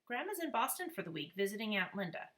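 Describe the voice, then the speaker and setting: A woman reading aloud, voicing a calm, gently amused mother. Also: mid-range voice, fast talker. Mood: patient. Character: patient, wry mother of two boys.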